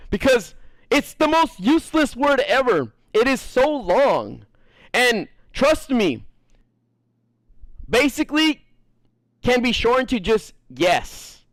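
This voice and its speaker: A man with a high, lively voice rants through a comic story, swearing casually and jumping between his own voice and the people he quotes. The sound is dry and close, with no room around it. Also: a little slow, dry recording, rough recording. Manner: ranting and profane, acts out other people's lines. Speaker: host.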